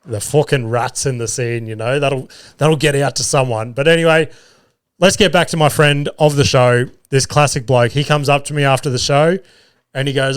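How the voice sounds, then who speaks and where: Podcast host, young Aussie man, clear mid-pitched voice, loose and profane anecdote-telling. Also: steady tone, moderate pace. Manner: swearing, laughing anecdotes. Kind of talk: casual storytelling.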